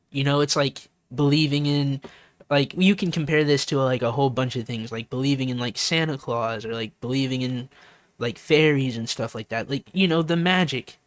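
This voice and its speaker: A man's voice: medium pitch, dry recording. A man streaming, talking in a rambling, sincere way, full of "like" and "you know" and repeated phrases. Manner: sincere and open. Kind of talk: casual heartfelt stream talk.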